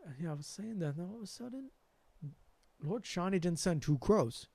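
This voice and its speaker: Young male host, high gravelly voice, rambling and animated about spirituality, dry close mic. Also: moderate pace, dry recording.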